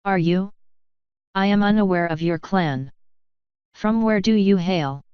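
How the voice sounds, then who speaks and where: A woman voicing a calm, contemptuous male courtier who speaks in a cutting tone. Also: medium pitch, measured pace, clear, resonant tone, no echo, muffled recording, close to an everyday voice. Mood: cold.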